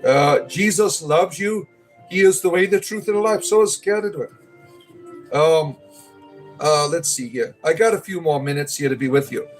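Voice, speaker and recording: Middle-aged man, livestream host, rambling and chatty, slightly high voice, faint music behind. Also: moderate pace. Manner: rambling, chatty, answering viewers' comments. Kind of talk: casual livestream chat.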